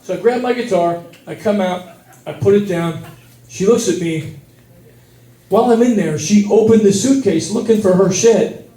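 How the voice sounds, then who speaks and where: Comedian guy doing standup at a brewery, high voice but dark and mellow, lots of cussing, echoey far-off sound. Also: normal speed. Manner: profane, animated, yells at the peaks. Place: brewery stage. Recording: roomy venue sound from a distance.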